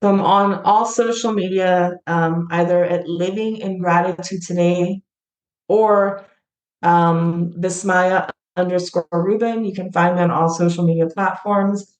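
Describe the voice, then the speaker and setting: A woman's voice: on the low side, steady tone, a little slow, a little mellow. Earnest woman telling a story, roomy sound. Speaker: guest, founder of a gratitude platform. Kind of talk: heartfelt storytelling in an interview.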